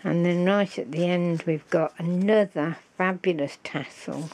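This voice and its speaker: Slow gravelly-voiced woman gushing over crafts. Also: fairly low pitch, darkish tone. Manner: gushing, gasping with delight, slow and fond. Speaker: crafting vlogger. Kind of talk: casual show-and-tell of a craft gift.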